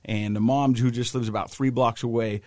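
A man's voice: mid-range voice, fairly quick, dry recording, clean studio sound. A man co-hosting a casual talk show, telling a story with energy and acting out the people in it. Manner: animated storyteller, acts out the people in his story. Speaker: co-host. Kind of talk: casual chat.

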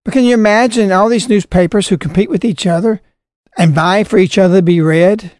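A man's voice: sits high, darkish tone, no room sound. Guy preaching on a religious show, emphatic, drags out the bible quotes, dry close sound. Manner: emphatic, slows down to stress scripture quotes. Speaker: religious radio commentator. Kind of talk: preachy spoken commentary.

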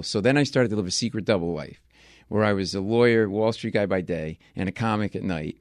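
A man from Rhode Island, a comedian telling stories as a guest in an interview, lively and slipping into voices for the people he quotes. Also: fairly low pitch, a little fast, dry recording, studio quality. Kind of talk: storytelling interview chat.

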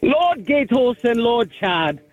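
A man's voice: very high voice, big pitch swings, takes it slowly, muffled recording, faint music behind, heavily acted. A male caller voicing a boastful outlaw archer bound for a tournament.

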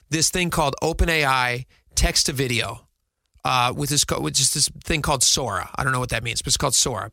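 A man's voice: mid-range voice, pushed and bright, dry recording, clean studio sound. A man in his thirties hosting a radio talk show, chatty and upbeat with rambling asides. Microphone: studio mic.

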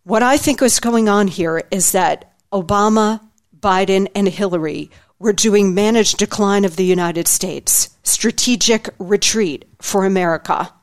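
A woman's voice: medium pitch, unhurried. A middle-aged woman hosting a political talk show, reading from her book with a sarcastic, mocking, emphatic delivery.

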